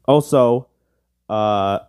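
A man's voice: fairly low pitch, very slow, darkish tone, clean tone. A young man hosting a casual solo podcast, joking and self-mocking, swearing under his breath while he plays a quiz. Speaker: podcast host.

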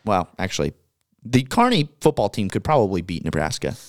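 A young man co-hosting a sports podcast, casual and animated, often repeating his words as he talks. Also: fairly low pitch, fairly quick, no echo, studio quality. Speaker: podcast co-host.

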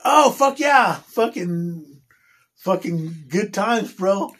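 Husky, profane, laughing storyteller man. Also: high-pitched, expressive, very slow, a bit bright. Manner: profane, laughing, rambling with many restarts. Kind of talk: casual storytelling.

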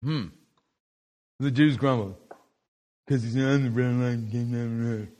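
A man's voice: mid-range voice, moderate pace. A middle-aged man preaching a conversational Bible lesson, asking his listeners questions and answering them himself. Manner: lively, conversational, asks the audience questions. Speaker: pastor teaching a Bible study. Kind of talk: sermon lesson.

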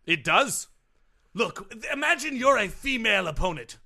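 A man's voice: high-pitched, sing-song, normal speed, bright, forceful tone, full character voice. A man playing a smug, eccentric male tennis grunt coach in an improvised comedy sketch, talking in a pompous, theatrical way. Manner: pompous, theatrical, over-the-top. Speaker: comedy podcast sketch performer.

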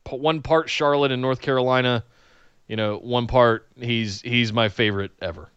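Southern US man, podcast co-host; bright, lively delivery with a smooth, dry sound. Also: medium pitch, normal speed, dry recording, highs cut off. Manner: animated, excitable, laughs often. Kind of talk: casual podcast chat. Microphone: remote call.

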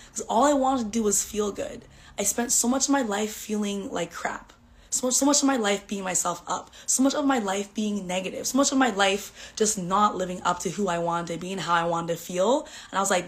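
A woman's voice: medium pitch, fairly quick. Woman podcast host, candid and emotional, talks in a chatty flow full of fillers. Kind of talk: personal storytelling monologue.

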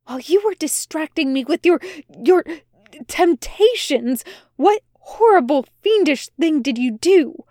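A woman's voice: sits high, expressive, unhurried, dark tone, dry recording, studio quality, voice pushed up. A woman voicing a furious, hissing angel. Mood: angry. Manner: demanding, near hissing. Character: agitated, suspicious male angel.

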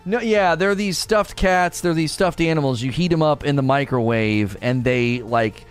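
A man in his thirties hosting a podcast in casual chat, animated and excitable, acting out quotes in his own voice. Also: fairly high pitch, normal speed, smooth, faint music behind. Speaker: podcast host.

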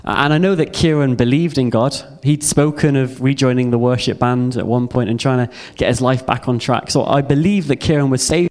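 A man's voice: medium pitch, a little fast, few pauses, a little mellow. A young man giving a heartfelt personal testimony sermon to a youth audience. He speaks earnestly and repeats phrases for emphasis.

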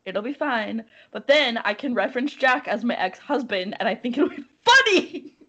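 A young woman co-hosting a podcast, chatting casually, giggling and animated as she tells stories. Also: fairly high pitch, moderate pace, breathy edge. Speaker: podcast co-host.

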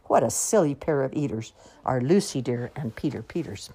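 A patient, worn-out mother of seven, read by a woman in a storybook. Her voice sits very low, with a gravelly, husky edge. She murmurs in fond, sing-song rhyming sighs. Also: animated, moderate pace, warm tone, full character voice.

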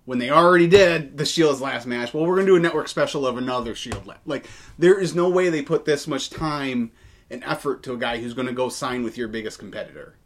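Speaking briskly at medium pitch, a man co-hosts an informal wrestling news podcast. He's hesitant, stumbling through many fillers and restarts.

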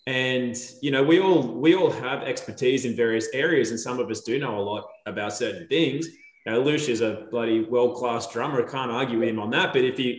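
A man's voice: mid-range voice, reverberant. A man chatting casually as a podcast guest, telling a story and acting out the dialogue in it. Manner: animated storyteller, acts out quoted dialogue. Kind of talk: casual chat.

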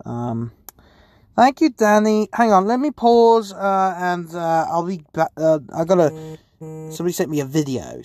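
Casual podcast host, profane and self-mocking, slow, animated pitch, dry sound. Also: no echo. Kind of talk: casual live chat, taking requests.

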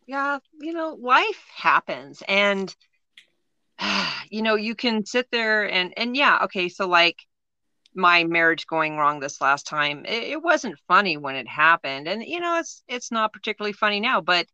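Woman podcast host, bright voice, dry close sound, giggly storyteller. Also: mid-range voice, unhurried, no room sound, lo-fi sound. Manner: laughs through her stories, animated. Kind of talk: casual storytelling chat.

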